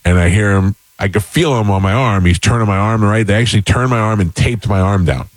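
Male host, low voice, dry close sound, rambling anecdote style. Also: fairly quick, dry recording, poor audio. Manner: rambling storyteller, many fillers and restarts. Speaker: podcast host. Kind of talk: casual chat.

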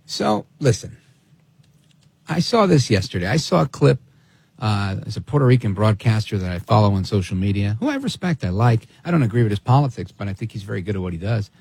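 A male talk radio host with a lively, swinging delivery and a gravelly, husky voice. He talks in a sarcastic, opinionated way. The sound is dry and close. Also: fairly low pitch, a little fast, dry recording. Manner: animated and sarcastic, mimics people in quoted asides.

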